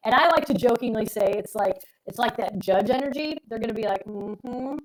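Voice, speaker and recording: Middle-aged woman, astrologer co-host, rambly and emphatic, voice sits a bit high. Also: quick pace, rough recording. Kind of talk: casual live-stream chat.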